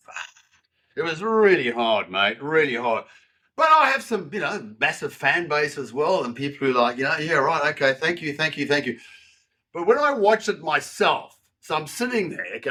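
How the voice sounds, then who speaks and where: A man in his sixties, a podcast guest telling his story frankly and with animation, swearing freely and poking fun at himself. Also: mid-range voice. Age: 60s. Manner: frank, animated, swears freely, frequent self-deprecating asides. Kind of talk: candid conversational storytelling.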